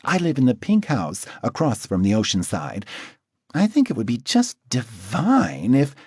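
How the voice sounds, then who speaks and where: A man's voice: mid-range voice, wildly swooping pitch, unhurried, darkish tone, breathy edge, no room sound, studio quality, pitched above the performer's own voice, heavily acted. A man putting on a coy, lisping male caller. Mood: flirtatious. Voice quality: slight lisp. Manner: coy, teasing. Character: effeminate male caller with a slight lisp, flirtatious. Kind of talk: audiobook character voice.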